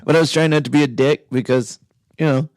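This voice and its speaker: A man's voice: on the high side, steady tone, brisk, a little mellow, dry recording, clean studio sound. A man co-hosting a podcast in casual chat, laughing often as he tells stories and acts out quoted voices. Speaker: podcast co-host.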